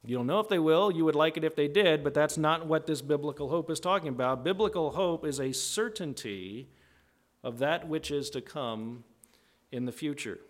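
A man preaching a conversational sermon in a teaching tone, often checking in with "right?" and acting out quoted voices. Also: normal speed. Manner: acts out quoted voices with big pitch jumps.

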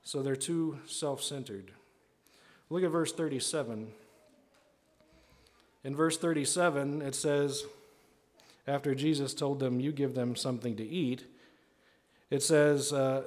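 A man's voice: medium pitch, unhurried, pauses often. A man preaching a sermon in a conversational way, often asking "right?" and acting out the voices of people he quotes. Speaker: pastor.

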